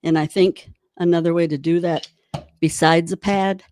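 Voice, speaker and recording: A woman's voice: on the low side, fairly even intonation, normal speed, a little mellow, a little hiss or hum. A woman giving an online drum clinic, chatty and encouraging while she demonstrates rudiments. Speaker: drum instructor.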